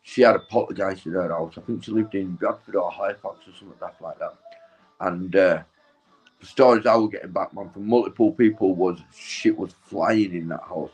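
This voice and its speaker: A young man in the middle of a loose, meandering tale, clearly high. His talk is sweary and casual, full of restarts and constant little asides to the listener. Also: normal speed, a little mellow, soft background music, rough recording. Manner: sweary, keeps tagging "right?" and "mate". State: stoned. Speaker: vlogger. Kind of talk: rambling casual storytelling.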